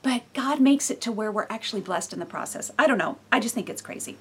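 Husky, animated woman teaching. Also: a little high, fast talker. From California. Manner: animated, laughing often, sudden bursts of loudness. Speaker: Bible teacher. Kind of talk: casual devotional teaching.

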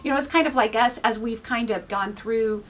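A woman's voice: on the high side, moderate pace. A woman pastor giving an informal, earnest sermon, full of "you know" fillers. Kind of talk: conversational sermon.

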